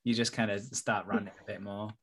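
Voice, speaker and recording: A man's voice: fairly low pitch, level tone, a little fast, fairly bright tone, breathy edge. A man hosting a podcast, chatting with friends in a jokey way and laughing often. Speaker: podcast host. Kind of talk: casual chat among friends.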